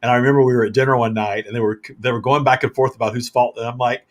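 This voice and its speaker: A man hosting a casual live-stream chat, telling stories in an animated way and laughing often. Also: mid-range voice, rapid-fire. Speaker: host.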